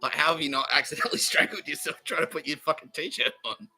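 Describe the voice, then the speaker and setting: A man hosting a comedy podcast, ranting and swearing, often breaking into high-pitched giggles mid-sentence. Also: fast talker, sharp tone, slightly rough, faint music behind, poor audio. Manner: swearing, laughing through his words, bursts of high-pitched giggling. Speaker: podcast host. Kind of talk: rambling comedic rant.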